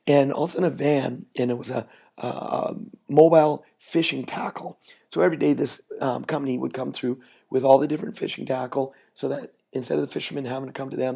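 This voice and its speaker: Gravelly man spinning a yarn. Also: medium pitch, warm tone. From Canada. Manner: folksy, chatty storyteller who builds to a moral. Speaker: podcast host. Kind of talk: storytelling monologue with a business lesson.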